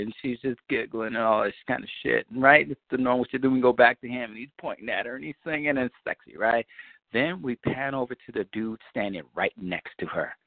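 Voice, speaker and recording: A man on a community call, telling a long story in a loose, profane way and acting out scenes with high-pitched quotes. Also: no room sound. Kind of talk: animated storytelling chat. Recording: dry, phone-like line.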